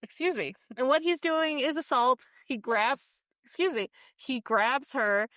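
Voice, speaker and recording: Female co-host, higher voice, lively recap chat with quick laughs, dry close recording. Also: no echo. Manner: animated, acts out quoted lines, laughs often. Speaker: podcast co-host. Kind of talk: casual chat recapping a TV show.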